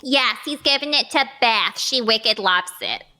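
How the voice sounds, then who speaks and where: A woman's voice: expressive, sharp tone, exaggerated voice. A woman voicing a prim, easily embarrassed young eldest sister with a mock Boston accent, in a comic reading of a radio drama. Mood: gossipy. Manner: fussy, scolding, slow and high. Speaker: cast reader.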